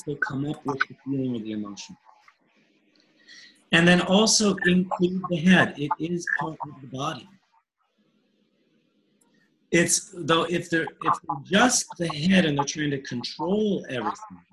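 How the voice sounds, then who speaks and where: A man's voice: fairly high pitch, background noise. A man leading a webinar as a coach, talking casually and acting out dialogues with clients. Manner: animated, acts out client dialogue, laughs often. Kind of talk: casual teaching talk.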